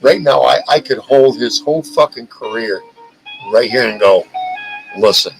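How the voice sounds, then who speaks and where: A man's voice: medium pitch, moderate pace, gravelly, poor audio. A man hosting a live stream in a heated, profane rant. He keeps stumbling and repeating his words, his voice sitting in an ordinary middle range. Faint music plays underneath. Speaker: livestream host.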